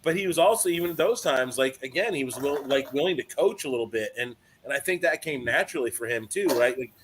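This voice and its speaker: A man's voice: medium pitch, animated, fast, fairly bright tone, slight background noise. A man reminiscing in casual conversation, thinking aloud as he goes. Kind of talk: casual chat.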